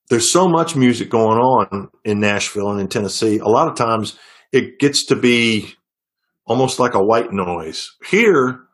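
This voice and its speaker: A middle-aged singer-songwriter talking casually in an interview, telling long stories with many restarts and fillers. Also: male voice, on the low side. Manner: rambling storyteller with frequent restarts.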